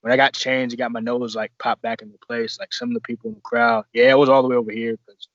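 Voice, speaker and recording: Wrestler guest for a podcast, rambling and profane, mid-pitched, dry dull recording. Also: male voice, quick pace, gravelly, no room sound. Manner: rambling, profane, restarts often. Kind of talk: casual podcast storytelling.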